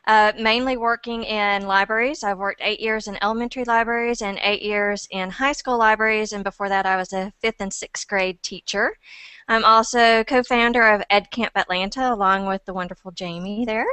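A woman's voice: medium pitch, fairly even intonation, normal speed, pushed and bright, clear, resonant tone, no echo. A woman in her forties, a school librarian guest on a webcast, friendly and enthusiastic. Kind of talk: casual webcast interview.

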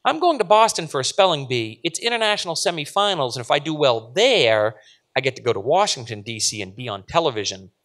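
A man reading aloud and voicing an eager young girl who loves spelling, with high, chatty questions. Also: sing-song, fairly quick, fairly bright tone, heavily acted. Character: excited young girl, spelling bee whiz.

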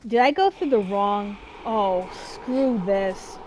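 Slow-talking woman doing game commentary. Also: medium pitch, a little mellow, a little hiss or hum, poor audio. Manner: chatty, reactive, swears casually. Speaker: gameplay streamer. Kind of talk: let's-play commentary.

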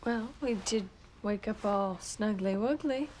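A woman's voice: medium pitch, a little slow, a little mellow, a little hiss or hum, natural voice. An actress playing a bubbly, playful young woman in a TV drama.

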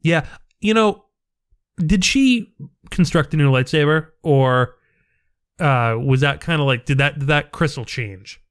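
A man's voice: on the high side, unhurried, smooth. A man co-hosting a podcast in casual fan chat, chatty and often repeating words as he thinks. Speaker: podcast co-host.

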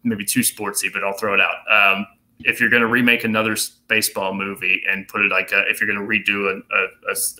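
A man's voice: fairly low pitch, sharp tone, poor audio. A man co-hosting a casual sports chat, rambling and restarting his sentences. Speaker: radio show co-host.

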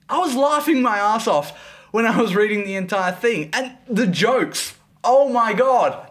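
A man's voice: high voice, bright, forceful tone. A young man hosting a casual fanfic review video, rambling, swearing and often breaking into giggles. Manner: giggly, keeps breaking into laughter.

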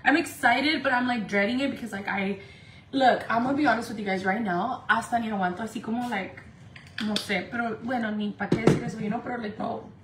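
She talks fast in a voice on the high side. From Indio, California, she runs a relaxed makeup livestream, laughing often, cursing freely and switching into Spanish now and then, recorded in an echoey room with faint noise.

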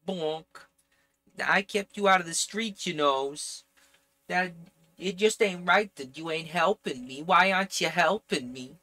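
A man doing a whiny, pushy relative in a rough accent. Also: high-pitched, slow pace, hardly any pauses, a little mellow, dry recording, voice pushed up. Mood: whining. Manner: nagging, whining, in a put-on rough accent. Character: pushy, guilt-tripping older relative, whiny and demanding.

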